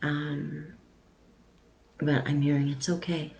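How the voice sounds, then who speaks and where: Soft-spoken woman giving a psychic reading. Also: low-pitched, flat delivery, creaky, dull audio, a little hiss or hum. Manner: soft, halting delivery with frequent ums. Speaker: psychic medium. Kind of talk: live-streamed mediumship reading.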